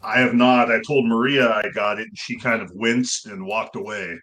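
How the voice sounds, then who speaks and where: A man's voice: fairly low pitch, fairly even intonation, moderate pace, fairly bright tone. A man on a podcast in casual chat, hesitant and unsure, talking through fillers. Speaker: podcast guest. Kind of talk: casual chat, food taste test.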